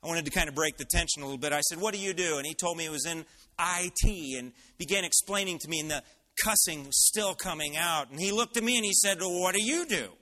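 A male pastor telling a personal story in an animated sermon. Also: on the high side, fast.

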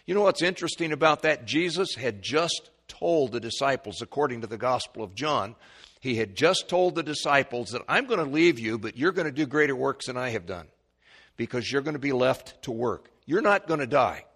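A man preaching a Bible lesson, chatting at first, then climbing to loud, emphatic peaks when he quotes scripture, with stammered restarts. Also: mid-range voice, lively intonation, moderate pace, slightly rough. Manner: conversational teaching with stammered restarts. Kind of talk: Bible teaching sermon.

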